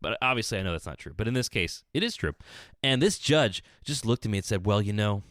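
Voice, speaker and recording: Animated, exasperated podcast host. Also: male voice, on the low side, fast, no echo, clean studio sound. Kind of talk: solo ranting podcast monologue. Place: small closet.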